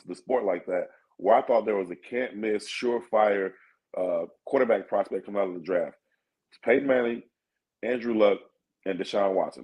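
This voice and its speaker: A man's voice: fairly low pitch, darkish tone, poor audio. A man co-hosting sports radio, laid-back and thinking aloud with plenty of fillers. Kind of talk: casual sports talk.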